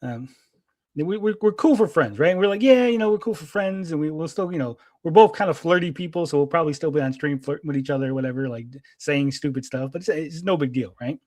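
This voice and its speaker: A man with a somewhat high voice rambles through a story on his livestream, agitated and full of fillers and repeated "right?". The sound is close and dry, with no room around it. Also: quick pace, darkish tone, no room sound. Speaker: livestream host.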